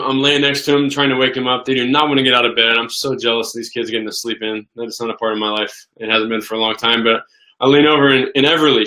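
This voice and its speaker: A man in his thirties with a mid-range, sharp-toned voice hosts a casual live question-and-answer stream. He talks with eager enthusiasm, often repeating and restarting his words.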